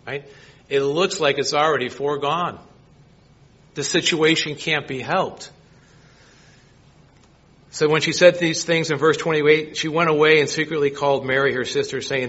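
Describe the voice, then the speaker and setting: A man's voice: a little high, fairly even intonation, normal speed, a bit bright, highs cut off. A man preaching a sermon, reading scripture and asking his listeners rhetorical questions. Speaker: pastor.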